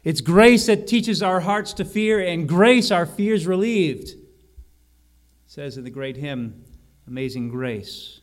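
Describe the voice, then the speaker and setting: A man preaching a sermon, slowing and rising on key phrases and often correcting himself mid-sentence. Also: on the high side, expressive. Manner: emphatic, slows and rises on key phrases, frequent self-corrections. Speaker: pastor.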